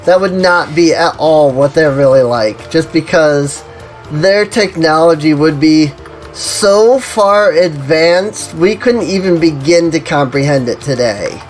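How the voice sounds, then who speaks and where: Streamer rambling slowly over gameplay, you know-ing every line, faint game music behind. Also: mid-range voice. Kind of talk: casual chat while playing an online game.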